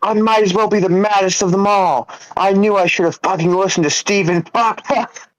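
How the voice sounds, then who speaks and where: A man playing a half-starved prisoner who has cracked, his voice sitting high and shrill. He yells, curses and sneers at the one holding him, swinging between raving and sarcastic mockery in a live comedy script read. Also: steady tone, normal speed, no room sound, natural voice, rough recording. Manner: shouting, cursing, sarcastic. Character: starved unhinged captive man, furious and mocking.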